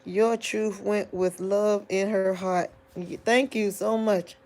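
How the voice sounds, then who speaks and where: A woman talks straight to her online viewers, grieving and on the edge of tears. Her speech is rambling and halting, full of restarts and heavy sighs, and her voice keeps breaking as she cries. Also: mid-range voice, steady tone, a little mellow. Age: adult. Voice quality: emotional, sighing, voice breaking into crying. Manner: rambling, halting restarts, addresses audience as y'all. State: grieving, crying. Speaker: vlogger talking to online viewers. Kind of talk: tearful live-stream monologue.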